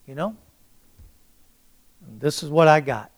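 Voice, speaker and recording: Taking it slowly and pausing often, an older male preacher reads scripture in a booming, emphatic voice. He then shifts to a plain, conversational telling of a personal story.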